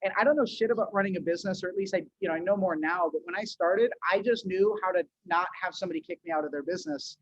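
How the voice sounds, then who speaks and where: A man's voice: sits high, rapid-fire, few pauses, no echo. A man from New England talking casually as a podcast guest, loose and slangy, calling people "dude" and restarting sentences. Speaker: podcast guest, agency owner. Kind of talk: casual interview chat. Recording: dull, dry lo-fi audio.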